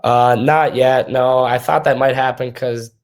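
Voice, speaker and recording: A young man from Minnesota, a hockey prospect, answering interview questions in a relaxed, loose storytelling way. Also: medium pitch, unhurried. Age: young adult.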